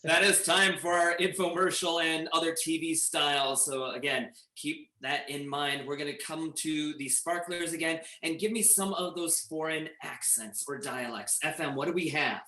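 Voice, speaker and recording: A man hosting an improv comedy match, calling games briskly. His voice is bright and fairly high. An echoey room surrounds him. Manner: brisk, announcing. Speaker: improv match referee host.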